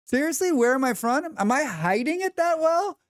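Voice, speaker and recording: A man's voice: very high voice, very animated, moderate pace, no room sound, clean studio sound. A man with an American accent, chatting casually on a live stream, rambling and reading his chat aloud. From United States.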